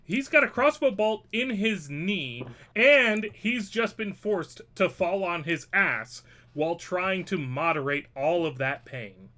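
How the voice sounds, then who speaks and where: Here is a man with a high, sharp voice running a tabletop game as dungeon master. He narrates with a cheeky, swearing humor and often breaks into laughter. His tone stays crisp and forward throughout. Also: expressive, slow, hardly any pauses. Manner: playful, profane, laughing while narrating.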